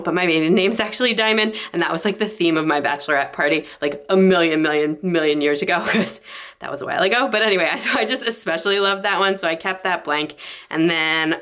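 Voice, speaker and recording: A woman's voice: on the low side, a bit bright. A young adult woman chatting through her planner in a bubbly, rambling way, slightly out of breath. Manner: bubbly, rambling, lots of fillers. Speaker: planner vlogger.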